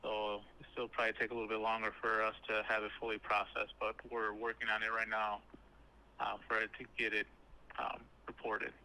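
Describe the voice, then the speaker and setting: A man's voice: on the low side, completely flat delivery, brisk, pushed and bright, rough recording. A man working at a county clerk's office, answering questions on a call in a matter-of-fact way with some hesitant fillers.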